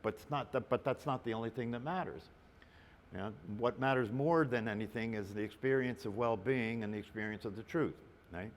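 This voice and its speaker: A man's voice: medium pitch, fairly quick, big-room sound. A man giving a spiritual teaching talk as a meditation teacher, reflective in tone and often tagging his sentences with a questioning "right?".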